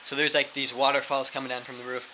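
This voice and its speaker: A man's voice: medium pitch, fast, slight background noise, low-quality recording. A young man, a missionary, casually telling a story full of fillers and acting out quotes. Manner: animated, fillers like "like" throughout, acts out quotes.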